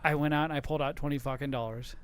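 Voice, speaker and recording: A man's voice: fairly high pitch, steady tone, rapid-fire, smooth. A middle-aged man hosting a podcast, telling stories in a profane, casual rant. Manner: profane storytelling. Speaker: podcast host. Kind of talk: casual ranting chat.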